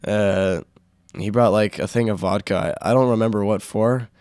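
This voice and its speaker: A young man hosting a casual solo podcast, rambling with fillers and restarts, his throat sore from yelling. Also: on the low side, fairly even intonation, moderate pace, clean tone, no echo, studio quality. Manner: rambling, full of fillers and self-corrections. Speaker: podcast host.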